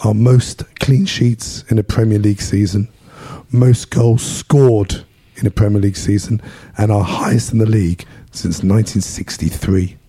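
A man with a London English accent hosts a casual podcast, his voice hoarse and rough after losing it. He sounds dark and mellow, recorded close and dry. He is self-deprecating and laughs easily. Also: fairly low pitch, steady tone, moderate pace, no room sound. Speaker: podcast host.

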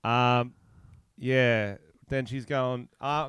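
A man's voice: mid-range voice, normal speed, clean tone, dry recording. A man co-hosting a comedy podcast over a video call, crude and playful, trading jokes and trash talk. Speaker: podcast co-host. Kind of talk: casual comedy chat.

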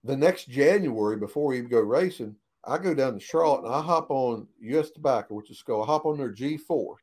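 A man's voice: mid-range voice, expressive, fairly quick, darkish tone. A man telling old racing stories in a casual interview, folksy and plain-spoken, swearing freely and tagging "right?" onto his sentences. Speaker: guest, retired race car driver.

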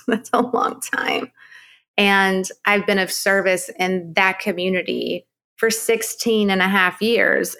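Middle-aged female guest, candid and emphatic, bright tone with vocal fry. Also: lowish voice. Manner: open, emphatic, laughs often. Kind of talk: candid podcast conversation.

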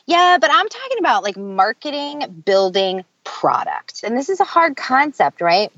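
A woman co-hosting a casual business talk, excited and emphatic, talking fast and swearing freely. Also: high voice, no echo. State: excited, early morning. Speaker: podcast co-host. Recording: dull lo-fi audio.

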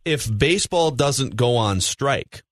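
A man's voice: medium pitch, expressive, slow pace, loud music behind the voice. A man hosting a sports talk radio show, upbeat as he sets up segments with long questions.

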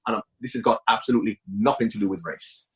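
A man's voice: on the low side, fast. A middle-aged man, a former football manager, talking at length as an interview guest, emphatic and repeating himself for stress. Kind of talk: casual interview talk.

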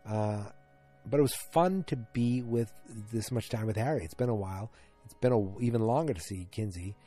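A man with a fairly low, mellow voice talks through a TV episode in a loose solo recap. He rambles, restarts his sentences and fills the gaps with ums. Soft music plays faintly behind him. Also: moderate pace. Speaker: TV episode reviewer.

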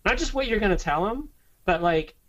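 A man's voice: sits high, animated, brisk, a bit bright. A man co-hosting a podcast, chatting in an easygoing, rambling way with frequent restarts. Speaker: podcast co-host. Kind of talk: casual podcast chat. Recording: slightly muffled lo-fi audio.

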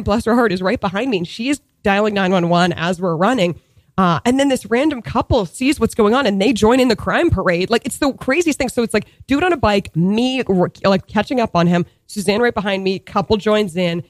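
A woman in her thirties telling a story in casual chat, animated, packed with fillers, laughing often. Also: medium pitch, fairly quick, dry recording.

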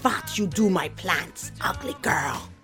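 A woman's voice: fairly low pitch, big pitch swings, slow, music in the background. A woman voicing a scornful, chain-smoking older neighbor with a put-on Eastern European accent and broken English. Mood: accusing. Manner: broken English, mocking, scolding.

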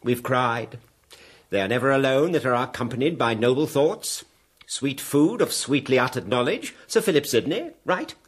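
An actor playing a sly, mocking fire captain in a radio drama, quoting verse in a smooth, taunting manner. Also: male voice, medium pitch, lively intonation, moderate pace, lightly acted. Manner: silky, taunting, quotes verse at length.

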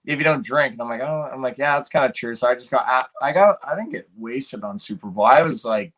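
A man joining a podcast as a guest, speaking at an ordinary mid pitch. He retells conversations in a relaxed way, leaning on "like" and "um" as he goes. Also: fast talker. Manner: relaxed storytelling, many "like"s and fillers. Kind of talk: casual chat.

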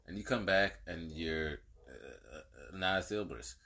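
A man co-hosting a casual podcast, bantering and joking in an animated way, dropping into quick mock voices. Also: sits low, creaky, husky. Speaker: podcast co-host.

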